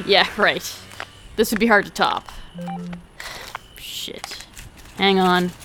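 A woman's voice: medium pitch, steady tone, slow pace, sharp tone, slight background noise. A young woman voicing a hot-tempered, foul-mouthed underage delinquent girl who swears constantly and talks bluntly and defensively. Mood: sheepish.

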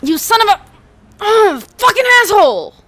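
A woman's voice: on the high side, animated, moderate pace, a bit bright. A foul-mouthed delinquent teen girl. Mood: furious. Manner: profane, blunt, defensive.

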